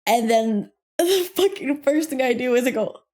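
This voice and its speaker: Brief: young woman podcast host, casual storyteller, swears freely, animated. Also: high-pitched, moderate pace. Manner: animated, profane, laughs through her story.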